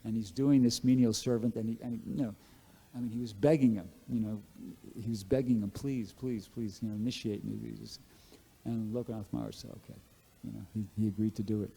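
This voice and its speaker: A man's voice: on the low side, steady tone, a little fast, vocal fry, mellow, husky. A man giving a scripture class, telling devotional stories in a casual, rambling way with many fillers and restarts. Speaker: class speaker at a temple. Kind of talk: Bhagavatam class storytelling.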